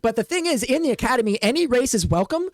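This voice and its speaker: A game master narrating a tabletop fantasy game in a loose, improvised flow, filling gaps with "like" and "um". The voice sits at a middling pitch, and the mic is close and dry. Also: very animated, quick pace, dry recording. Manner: rambling, hesitant, with many "like" and "um".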